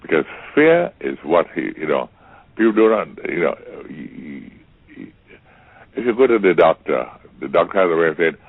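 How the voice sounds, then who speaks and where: A very deep, husky older man from Trinidad tells stories with theatrical flair, repeating words and acting out the people he quotes. The sound is thin and tinny, like a phone line. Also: very animated, moderate pace, no room sound. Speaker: interview guest. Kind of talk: storytelling conversation.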